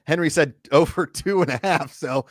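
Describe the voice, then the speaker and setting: A man's voice: on the high side, normal speed, no room sound. A man hosting a casual live stream, asking questions and running picks and announcements in an upbeat way. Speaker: stream host.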